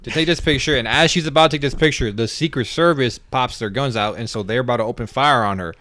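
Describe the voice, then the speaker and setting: A man co-hosting a podcast, recapping a movie casually with a relaxed manner and lots of agreeing interjections. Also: medium pitch, fast, no echo. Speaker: podcast co-host. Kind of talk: casual spoiler review chat.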